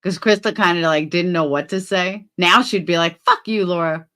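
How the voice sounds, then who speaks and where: This is a livestream host, a woman, going through viewer comments out loud and answering bluntly with curses. Her casual delivery jumps quickly from muttering under her breath to loud outbursts.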